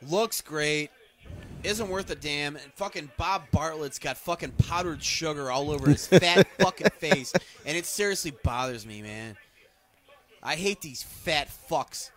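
A man co-hosting a podcast, casually and crudely ranting as he watches an old wrestling match. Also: fairly high pitch. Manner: crude, ranting, animated commentary. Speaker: podcast co-host. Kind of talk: casual profane wrestling watch-along chat.

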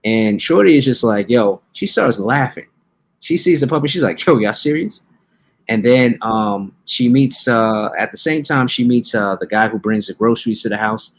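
A young man hosting a podcast, casually recapping a movie in a slangy, joking way and putting on quick voices for the characters. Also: fairly low pitch. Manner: laid-back slangy storytelling with playful quoted voices. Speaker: podcast host. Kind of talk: casual comedic movie review.

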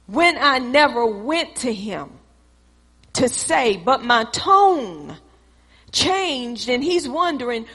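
A woman preaches in a large church hall, her voice carrying a long reverb. She speaks high and slow, building points by repeating phrases. She plays out both sides of a quarrel as she teaches. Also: big pitch swings, a bit bright, breathy edge. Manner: dramatic, acts out both sides of an argument; repetitive, preacherly cadence. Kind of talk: sermon with acted-out dialogue.

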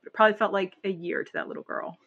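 A woman's voice: mid-range voice, very fast, breathy edge, lo-fi sound. A woman co-hosting a podcast, retelling scenes in casual chat and acting out the voices of the people she describes. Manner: animated retelling, acts out voices. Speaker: podcast co-host.

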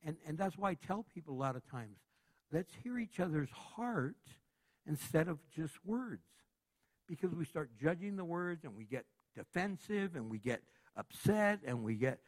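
A man preaching a sermon in a lively, conversational way, acting out little everyday scenes as he goes. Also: fairly high pitch, moderate pace. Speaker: pastor.

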